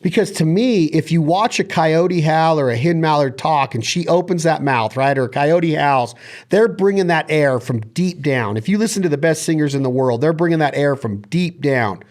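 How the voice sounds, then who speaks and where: A man's voice: on the high side, moderate pace. A man hosting a podcast, talking through duck calling technique in long, detailed lists. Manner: energetic, detailed, lists body parts and steps. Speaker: podcast host. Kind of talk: casual instructional chat.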